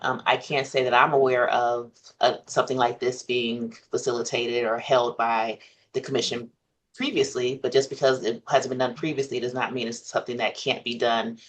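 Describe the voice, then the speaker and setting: A man chairing a commission meeting, speaking in a measured, formal way with many pauses. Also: mid-range voice, flat delivery, a bit bright.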